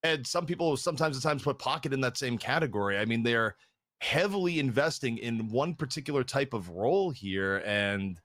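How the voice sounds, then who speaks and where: A man's voice: medium pitch, a bit bright, no echo, clean studio sound. A man casting an esports match, giving analytical commentary and thinking aloud with frequent restarts. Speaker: esports caster.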